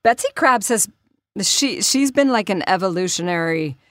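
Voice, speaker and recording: A middle-aged woman voice actor in a casual interview, animated and prone to slipping into character voices. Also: mid-range voice, normal speed, dry recording, clean studio sound. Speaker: voice actor and voice director.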